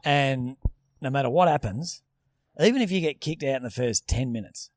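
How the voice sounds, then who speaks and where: A man's voice: mid-range voice, animated, normal speed, no echo. A young Australian man with an Australian accent, rambling and swearing as a podcast co-host in casual chat. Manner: rambling storyteller, swears freely.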